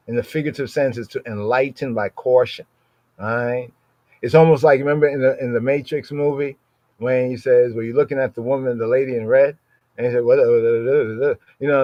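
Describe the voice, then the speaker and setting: A man explains scripture in a relaxed podcast study, checking in with "right?" over and over and slowing down whenever he quotes a verse. His voice sits in a middle range, and the recording is dry and slightly dull, like a lo-fi home setup. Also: mid-range voice, no room sound. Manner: conversational, frequent "right?" tag questions; slows down to read verses aloud. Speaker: Bible study teacher.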